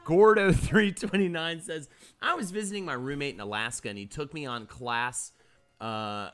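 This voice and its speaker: On a live-streamed podcast, the male host casually spins stories and reads viewers' chat messages aloud, cursing along the way. He has a mid-range voice with a fairly bright tone.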